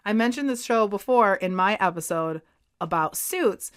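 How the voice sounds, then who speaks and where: A young adult woman co-hosting a history podcast, telling a story in animated, giggly chat. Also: medium pitch, normal speed, clean tone. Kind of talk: casual chat with outtakes.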